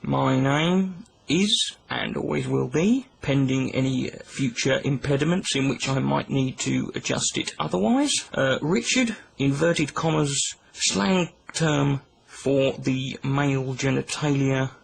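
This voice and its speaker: A British man delivering a deadpan, mock-angry comedic rant to camera, overblown and dry. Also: medium pitch, takes it slowly, vocal fry, low-quality recording. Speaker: YouTuber.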